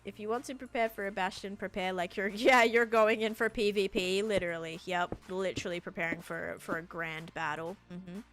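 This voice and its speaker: A woman's voice: medium pitch, fairly even intonation, a little fast, few pauses, fairly bright tone, faint music behind. A young woman with an Australian accent chatting casually on a live stream, reading and answering chat while building in a game.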